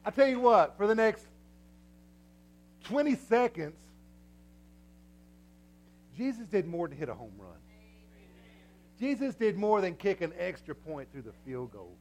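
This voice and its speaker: An older man preaching a sermon in a church, folksy and energetic, breaking into cheering shouts. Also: high-pitched, measured pace, pauses often, a faint crowd, a little hiss or hum. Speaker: pastor. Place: church sanctuary.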